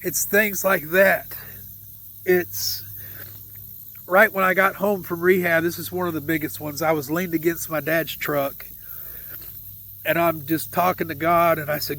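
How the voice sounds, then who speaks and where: A man's voice: a little high, little pitch movement, unhurried, creaky, pauses often, pushed and bright, a little hiss or hum. A man telling a personal faith story in an earnest, heartfelt and emotional way. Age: adult with a young son. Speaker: vlogger sharing a faith testimony.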